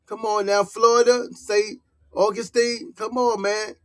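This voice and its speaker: A man's voice: high voice, flat delivery, a little slow, a bit bright, no echo. A man with a New York accent, talking loosely in slang and growing heated in a casual commentary vlog. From Harlem, New York. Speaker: vlogger.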